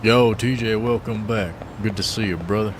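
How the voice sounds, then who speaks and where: A man's voice: on the low side, normal speed, noisy background. A man joking loosely in slang while live-streaming a game. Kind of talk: casual live-stream commentary.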